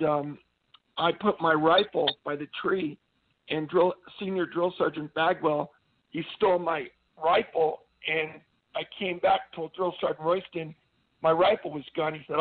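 A man's voice: on the high side, steady tone, unhurried. A man, an army veteran and radio guest, telling earnest, meandering stories in a casual way. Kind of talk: casual phone-in storytelling. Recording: tinny phone line.

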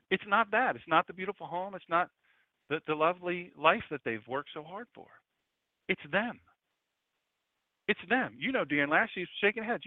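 A male pastor preaching a sermon in an impassioned style, his pitch swinging widely. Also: no echo. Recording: tinny phone-like dry sound.

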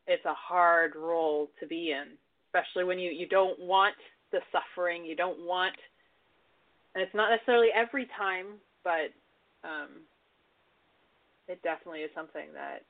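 A man talking as a guest on a radio talk show, thoughtful and halting, with frequent restarts. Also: a little high. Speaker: long-time listener guest. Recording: phone-like line.

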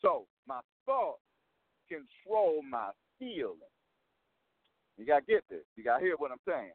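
Animated man coaching over a phone line. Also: a little high, measured pace, vocal fry, no room sound. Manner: emphatic, repeats points and checks in with "right?". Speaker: motivational coach and guest. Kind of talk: animated storytelling interview. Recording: dry phone-line sound.

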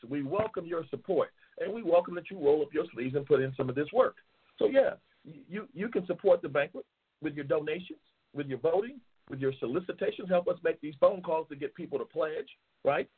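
A man's voice: a little high, animated, brisk, slightly rough. Angry profane man on a tinny line. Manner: angry, profane, repetitive ranting. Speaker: talk show host. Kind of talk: profane ranting monologue. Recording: tinny phone-line audio.

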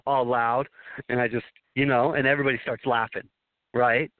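A man from Southern California comes through a thin, tinny phone line with a dry, close sound. His voice sits at an ordinary middle pitch. He rambles and stresses his points, often restarting his sentences. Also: level tone, normal speed, dry recording. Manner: rambling, emphatic storytelling with many restarts. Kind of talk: talk radio conversation.

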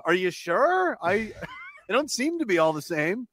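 A man from Canada, a podcast guest in casual chat, animated and laughing often between remarks. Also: high-pitched, unhurried.

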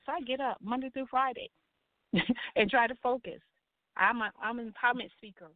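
A middle-aged woman tells her story with lively, acted-out quotes and church exclamations. Her voice sits a little high. It comes over a thin, phone-like line with a dry sound. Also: brisk, no room sound. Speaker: guest. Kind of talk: personal testimony in a talk show.

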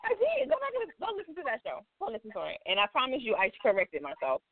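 A woman co-hosting a loose, casual talk show who protests in an animated way. Her voice is high and swoops widely. The sound is dry and thin, like a phone line. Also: fast, dry recording. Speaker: co-host. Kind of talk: casual chat.

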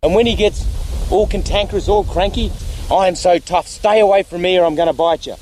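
A man with an Australian accent in an archival wildlife TV clip, talking in a playful, animated way. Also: sits high, fairly quick, noisy background.

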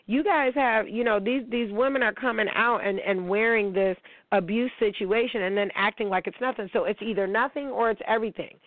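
A woman's voice: a little high, a little fast, dry recording. Woman ranting blunt and sweary bout dating, tinny phone-ish sound, dead dry. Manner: blunt, profane, emphatic. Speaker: relationship advice host. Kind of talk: casual monologue.

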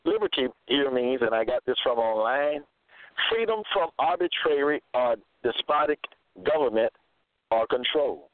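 A man's voice: medium pitch, no room sound. A man reading scripture verses aloud and then interpreting them, repeating key phrases for emphasis. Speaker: self-styled religious teacher. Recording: thin phone-like dry sound.

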